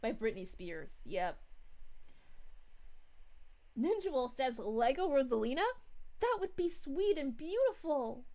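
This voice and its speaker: Woman voicing Princess Daisy, bubbly and high. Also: big pitch swings, darkish tone, exaggerated voice. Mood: cheerful. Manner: bubbly, giggly, drawn-out "ooh"s. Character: bubbly cheerful young princess, sweet and giggly. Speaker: VTuber streamer. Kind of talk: live stream chat reading in character.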